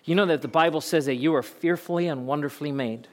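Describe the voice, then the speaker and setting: A man's voice: on the high side, quick pace, few pauses. A male pastor preaching a sermon in an emphatic, conversational way, asking rhetorical questions.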